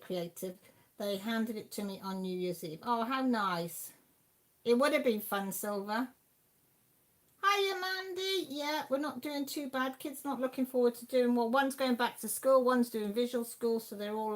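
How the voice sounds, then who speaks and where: A woman with a slightly high voice chats her way through a livestream. She reads out viewer messages and answers each one in a casual, easygoing way. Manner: chatty, reads out viewer messages and replies warmly. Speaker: livestream host. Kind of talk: casual chat reading viewer comments.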